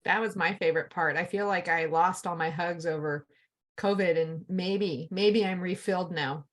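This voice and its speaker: A woman's voice: fairly low pitch, fairly even intonation, normal speed. A woman chatting casually over a video call, gushing with enthusiasm about people and events.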